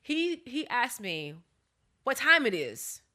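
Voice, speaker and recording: A woman's voice: on the high side, big pitch swings, slow, background noise. A woman in her thirties, a daughter co-hosting a podcast, chatting casually and telling stories expressively with laughter. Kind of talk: casual chat.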